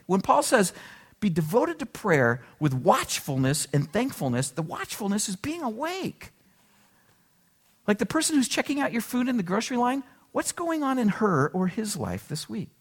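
A man's voice: high voice, moderate pace. A male pastor preaching a sermon to his congregation in a casual, conversational way, full of asides and rhetorical questions. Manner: conversational, animated, frequent "like" and "right?".

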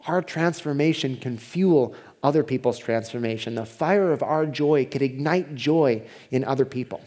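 A man preaching a sermon as pastor, in a conversational way, dropping to a hushed voice when he voices prayers. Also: medium pitch, moderate pace.

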